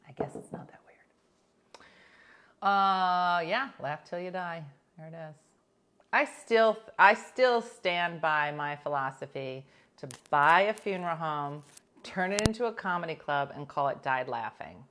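Middle-aged lady w a philly on morning radio, kinda low voice, chatty, lots of "like". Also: unhurried. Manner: chatty, animated, peppered with "like" and laughs. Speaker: morning show host and comedian. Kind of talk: casual chat, storytelling.

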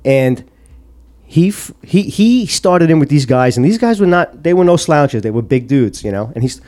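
Male podcast co-host, slightly high pitch, swears freely and acts out his stories. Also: normal speed. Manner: profane, animated storyteller who acts out quotes. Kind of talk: casual storytelling.

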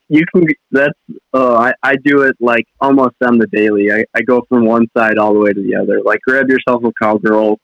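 A man's voice: lowish voice, no echo. Rambling young man on a dull podcast line. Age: young adult. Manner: rambling, with many restarts and fillers. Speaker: fishing guide and guest. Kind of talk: casual podcast chat. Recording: dull dry podcast audio.

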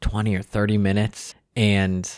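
A man co-hosting a podcast, telling stories in a lively casual chat and putting on kids' voices. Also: fairly low pitch, normal speed, dry recording, clean studio sound. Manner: animated storyteller, puts on kids' voices. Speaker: podcast co-host.

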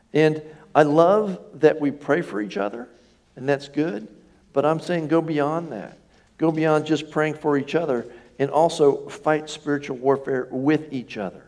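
A man preaching a sermon to his congregation in a relaxed, conversational way, often checking in with questions. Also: a little high, moderate pace, creaky. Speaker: pastor. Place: church sanctuary.

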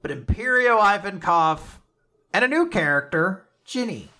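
An animated man hosts a casual podcast recap, swearing freely and laughing often. His voice is bright and sharp, pitched a little high. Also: measured pace. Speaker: podcast host. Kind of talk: casual chat recapping manga chapters.

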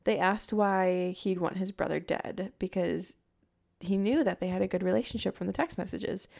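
A woman's voice: mid-range voice, moderate pace, gravelly, darkish tone. A young woman hosting a podcast, telling a true-crime story in a chatty way and thinking aloud with fillers. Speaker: podcast host.

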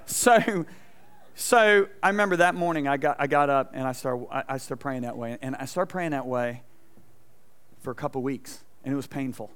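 A middle-aged man preaching a sermon in a church, telling a personal story with animated asides and questions to the congregation. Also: mid-range voice, moderate pace, smooth. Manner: animated storytelling, acting out quotes, asking the audience questions. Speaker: pastor. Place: church sanctuary.

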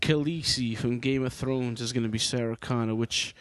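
A man's voice: medium pitch, fairly even intonation, moderate pace, dry recording, clean studio sound. A man co-hosting a casual podcast, bantering and joking with plenty of fillers. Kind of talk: casual chat.

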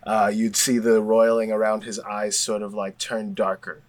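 A man's voice: lowish voice, completely flat delivery, moderate pace, slight background noise. A young man playing a tabletop game, talking casually and rambling with fillers. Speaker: player.

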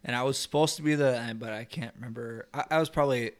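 A young man co-hosting a podcast in casual chat, telling a story in a joking, drawn-out way. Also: medium pitch. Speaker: podcast co-host. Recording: faint noise and clicks.

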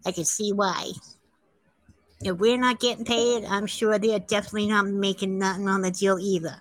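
A woman's voice: medium pitch, steady tone, moderate pace, dry recording. A woman giving a joking announcer-style introduction to a podcast in a wry tone. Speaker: show announcer.

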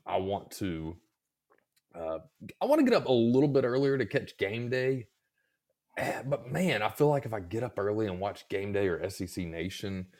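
Male podcast host, slightly hoarse, low and animated delivery, loose profane rambler. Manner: rambling, swears freely, self-mocking. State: slightly scratchy throat. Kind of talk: casual chat.

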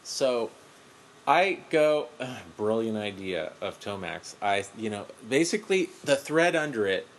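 A man's voice: on the low side, sing-song, unhurried, slight background noise, low-quality recording. A man co-hosting a casual chat, telling a story in a rambling way and swearing freely, recorded at home. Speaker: podcast co-host. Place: home room with cats around.

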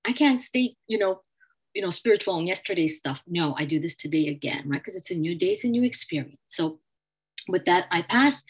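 A woman's voice: lowish voice, lively intonation, fairly quick, slightly rough. A woman giving an earnest personal share at a recovery meeting, often repeating and restarting her phrases.

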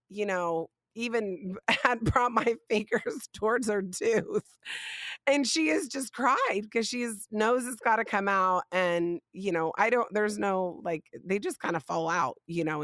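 A woman, hosting a podcast and telling a funny family story in a casual, animated way. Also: mid-range voice, no room sound. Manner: animated, laughing, rising emphasis on punchlines. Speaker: podcast host.

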